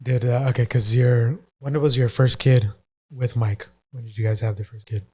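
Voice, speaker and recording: A man's voice: mid-range voice, steady tone, normal speed, warm tone, slightly rough. A man hosting a podcast, asking probing, thoughtful questions. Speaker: podcast host. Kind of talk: casual interview.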